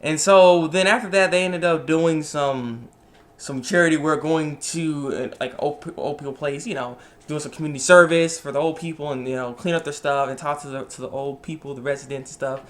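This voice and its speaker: A man's voice: fairly high pitch, fairly even intonation, brisk, fairly bright tone. A young man casually reviewing an anime episode, rambling, repeating himself and trailing off often.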